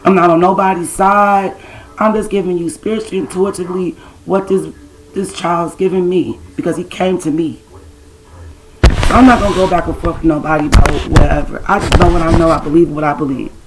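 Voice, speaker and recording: A woman's voice: lowish voice, fairly even intonation, a little fast, noisy background. A woman telling a personal spiritual story to her viewers in a casual, blunt, streetwise way, cursing now and then. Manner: blunt and streetwise, swears, talks straight to the camera's audience. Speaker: self-described spiritual intuitive.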